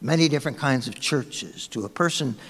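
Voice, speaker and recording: A man's voice: medium pitch, animated, brisk, slightly rough, in a large hall. A man preaching a sermon as a pastor, telling anecdotes in a conversational way to his congregation. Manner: storytelling, conversational, warm anecdotes.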